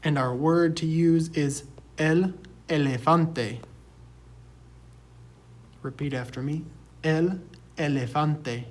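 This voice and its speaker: A young man teaching a recorded class lecture, saying each word slowly and clearly for students to repeat. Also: a little high, fairly even intonation. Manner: slow, deliberate, drills words for repetition.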